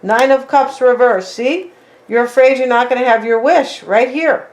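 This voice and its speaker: A woman with a slightly high voice gives a casual tarot reading at a normal pace. She chats straight to her viewers, calling them "you guys" and tagging her lines with "right?" and "like".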